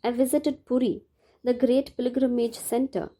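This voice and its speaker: A woman reads a devotional audiobook aloud in a measured, steady way. Her voice is mellow and soft-edged, and it sits a little above the usual range for a woman. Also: a little high. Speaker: audiobook narrator. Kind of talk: scripted devotional narration.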